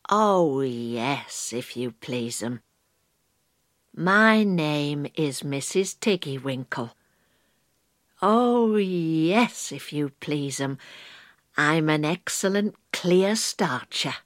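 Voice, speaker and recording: A woman voicing a small, polite, busy female hedgehog washerwoman in a storybook reading, with bright eager chatter. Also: low-pitched, lively intonation, very slow, no echo, studio quality, exaggerated voice. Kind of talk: storybook read-aloud.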